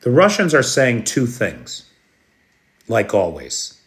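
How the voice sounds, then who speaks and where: American man, live news commentator, slow deliberate pace, sarcastic, mid-pitched. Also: wildly swooping pitch. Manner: blunt, sarcastic, occasionally swearing; talks to live chat viewers. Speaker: livestream news host.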